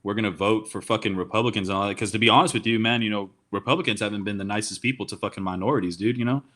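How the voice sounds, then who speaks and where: A man's voice: fairly low pitch, steady tone, rapid-fire, a bit bright. A man chatting casually on a podcast, telling rambling stories full of swearing and getting heated. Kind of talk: casual profane chat.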